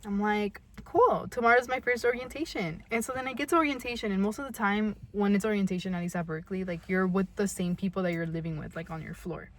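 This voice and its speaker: A woman's voice: medium pitch, fast talker, hardly any pauses. Young woman telling a swear-filled story. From California. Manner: animated, reenacts her own past lines. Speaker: podcast co-host. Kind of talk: casual storytelling chat.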